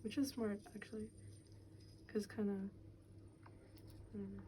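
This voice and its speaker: A young woman in casual chat as an interviewee, talking outdoors on a city street, chatty and quick to laugh, with lots of fillers. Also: mid-range voice, level tone, dark tone, a little hiss or hum. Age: young adult.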